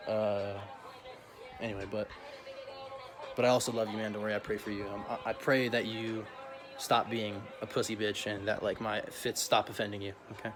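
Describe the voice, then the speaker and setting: A man's voice: on the low side, little pitch movement, normal speed, music in the background. Young man ranting, slangy vlog. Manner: slangy, profane, laughs often. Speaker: vlogger. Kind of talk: casual rant to camera.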